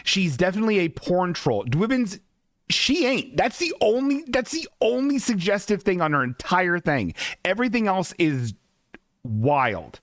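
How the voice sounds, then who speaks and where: A man's voice: high voice, measured pace, dry recording. A man hosting a comedy show, riffing on pictures with lots of giggling asides. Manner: animated, giggly, riffing on images. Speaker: podcast host. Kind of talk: casual comedic commentary.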